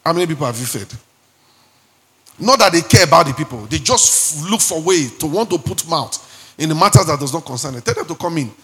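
Nigerian pastor man preaching, lively pidgin asides, voice kinda high, big echoey hall. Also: fairly quick. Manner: animated, mixing Pidgin asides and acted-out quotes. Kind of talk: sermon. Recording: long hall reverb.

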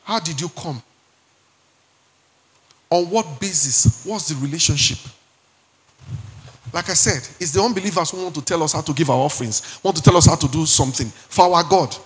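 A man with a Nigerian accent preaching a sermon as pastor, animated and dropping into Pidgin asides and acted-out quotes. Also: on the high side, moderate pace, pauses often. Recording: long hall reverb.

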